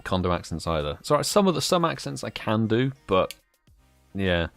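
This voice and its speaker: A man's voice: fairly low pitch, sing-song, moderate pace, vocal fry, soft background music. A young British man hosting a live stream, chatting casually and greeting viewers by name. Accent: British English. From United Kingdom. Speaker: livestream host.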